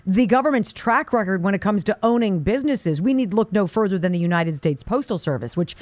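A woman hosting a talk radio show, asking her guest blunt, opinionated questions in an animated way. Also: mid-range voice, a little fast, no room sound.

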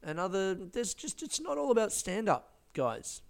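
A stand-up comedian rambles through his stories in a loose podcast monologue, cursing freely as he goes. His voice sits a little high and comes across smooth and clear. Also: moderate pace. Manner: rambling, swears freely, animated storytelling.

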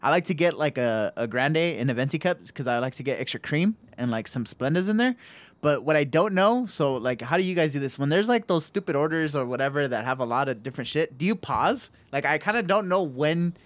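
A man's voice: on the high side, lively intonation, a little fast, no room sound. A young man co-hosting a podcast, chatting casually, laughing often and swearing. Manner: laughs often, profane, easily annoyed. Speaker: podcast co-host. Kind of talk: casual chat.

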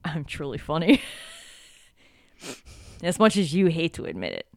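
Dry-witted podcast wife, expressive voice. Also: female voice, low-pitched, a little slow, vocal fry, no room sound. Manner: dry, playfully contrary. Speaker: podcast co-host. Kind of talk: casual banter between spouses.

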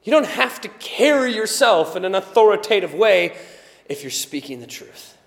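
A male preacher giving a conversational sermon, sometimes quiet and chatty, sometimes loud and emphatic, and he laughs often. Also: high voice, moderate pace, creaky, in a large hall. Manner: animated, swings from quiet asides to loud emphatic shouts.

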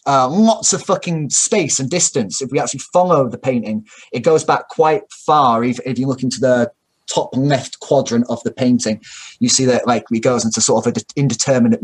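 A man's voice: mid-range voice, moderate pace, slightly rough. A man talking at length in a casual, opinionated way, full of fillers and restarts and the odd swear word. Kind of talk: casual discussion.

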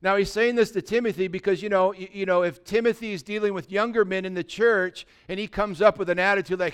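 Smooth-voiced male pastor preaching. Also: sits high, steady tone, fairly quick, hardly any pauses. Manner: conversational preaching, drops to a soft voice for imagined dialogue. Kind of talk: sermon.

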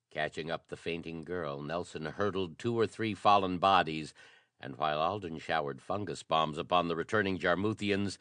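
A man's voice: low voice, a bit bright, no echo, clean studio sound. A man narrating a pulp adventure story as an audiobook reading, with a dramatic, varied delivery.

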